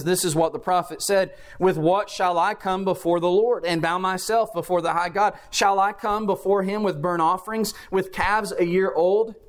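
A man with a fairly high voice delivers a sermon. He reads scripture and drives each point home with earnest, emphatic stresses. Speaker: preacher.

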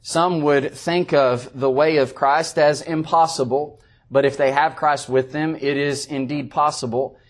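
A man's voice: on the high side, steady tone, unhurried. A man preaching an evening sermon, earnest, repeating phrases for emphasis.

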